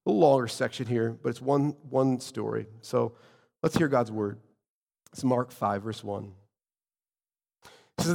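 Pastor guy preaching, earnest and emphatic, medium pitch, lots of church hall reverb. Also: measured pace, gravelly, pauses often, darkish tone. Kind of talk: sermon with scripture reading.

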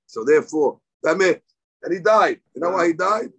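A man's voice: a little high, expressive, normal speed, a bit bright, breathy edge, poor audio. A man teaching a live Talmud class. He reads Aramaic lines aloud, explains them in English, and rises sharply on key points. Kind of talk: daily Talmud class lecture.

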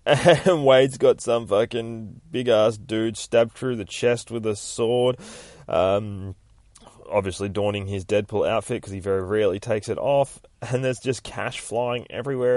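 A man's voice: on the low side, a little mellow, no room sound, studio quality. A man casually recapping a comic on a podcast, sweary and laughing as he talks. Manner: sweary, laughs while talking. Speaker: comic book podcast host.

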